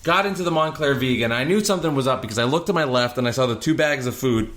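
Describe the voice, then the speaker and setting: A man hosting a podcast, telling animated stories from his delivery shifts in casual chat. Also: mid-range voice, fast. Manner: animated anecdotes, breaks into singing. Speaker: podcast host and delivery driver.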